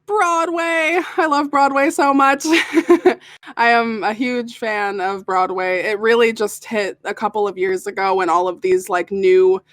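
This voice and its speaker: A young woman, a voice actor answering interview questions in a relaxed, giggly way. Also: mid-range voice, a little slow, dry recording, clean studio sound. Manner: giggly, laughs often. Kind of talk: casual interview chat.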